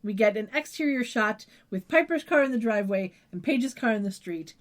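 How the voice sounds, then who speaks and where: A woman's voice: a little high, lively intonation, brisk. A young woman co-hosting a podcast in a slightly raised voice. She rambles through a casual recap, describing scenes in detail and dropping the odd swear word along the way. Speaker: podcast co-host.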